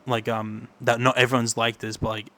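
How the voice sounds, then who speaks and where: A man's voice: mid-range voice, level tone, brisk, bright, forceful tone. A man co-hosting a podcast in casual chat, laid-back with short affirmations. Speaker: podcast co-host.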